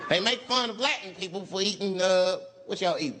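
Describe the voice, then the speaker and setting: Bright, forceful and brisk, this high-pitched man from the US does stand-up, telling stories in a loose style with profane, punchy interjections. The audience laughs throughout the noisy live recording.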